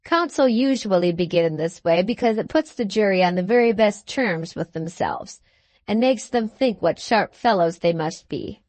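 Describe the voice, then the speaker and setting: A woman narrating a classic novel for an audiobook with measured, even storytelling. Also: medium pitch, no echo. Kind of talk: scripted narration.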